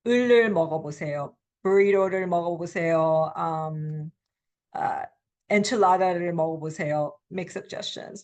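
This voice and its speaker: A middle-aged woman teaching a recorded language lecture, patiently explaining with frequent ums, alternating slow English with quick example phrases. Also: on the low side. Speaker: Korean language instructor.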